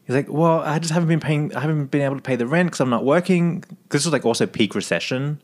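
A man from Australia, co-hosting a podcast and telling a story in casual, animated chat with frequent swearing. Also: fairly high pitch, fast talker. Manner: animated, swears, laughs often. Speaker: podcast co-host.

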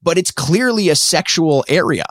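A man on a casual podcast, his pitch a touch high and swinging widely as he talks. He laughs often and drags out words for emphasis. The sound is dry and close. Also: no echo. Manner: animated, laughing, drawn-out emphasis. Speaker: podcast co-host. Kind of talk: casual chat reacting to a show.

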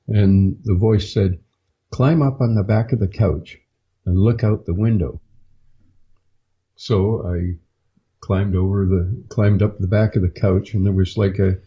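A man, a podcast guest, telling his own story in a casual, halting way with frequent "uh" fillers. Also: fairly low pitch, dark tone, dull audio. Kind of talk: casual first-person storytelling.

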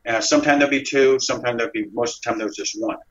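Guy being interviewed, telling his story all animated, doing the other people's lines, mid-pitched voice, a bit muffled lo-fi. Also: very fast. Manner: animated storyteller, acts out dialogue.

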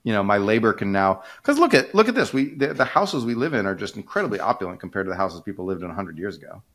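Rambling talkative man, lowish voice. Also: quick pace. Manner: rambling, restarts, many fillers, animated pitch jumps. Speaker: podcast co-host, economist. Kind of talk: casual conversational explainer.

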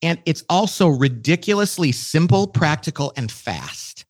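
A middle-aged man as a podcast guest, telling a story with quick, enthusiastic energy. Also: on the high side, expressive. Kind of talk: casual conversation.

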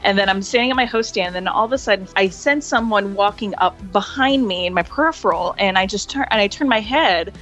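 A woman guest in a casual interview, telling lively stories, laughing often and acting out voices. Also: medium pitch, fairly quick, hardly any pauses, highs cut off, soft background music. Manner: animated, laughs often, acts out quoted voices. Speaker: interview guest, hotel hospitality worker.

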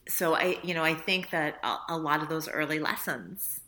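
A woman author, a guest in a casual interview, talks reflectively in a deep voice at normal speed with a bright, forceful tone. She laughs often and acts out little dialogues.

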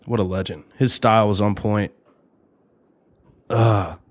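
A man's voice: on the low side, fairly even intonation, measured pace, dry recording. A young man hosting a podcast, rambling and joking in a casual, profane monologue. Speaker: podcast host.

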